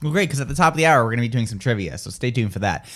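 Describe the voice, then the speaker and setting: A man co-hosting a morning radio show in casual chat, telling stories in an animated way and acting out quotes and sound effects. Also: mid-range voice, very fast. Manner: chatty with many fillers.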